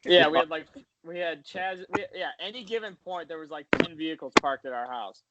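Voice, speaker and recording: Man, eager chime-ins, slightly high, clear crowd sound behind. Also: fairly quick, poor audio. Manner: eager, jumps in with his own memories. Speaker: old housemate. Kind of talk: casual chat.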